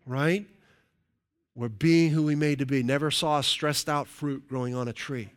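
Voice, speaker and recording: A man's voice: medium pitch, steady tone, moderate pace, clean tone. A middle-aged male pastor giving a conversational sermon, checking in with the congregation with frequent "right?"s.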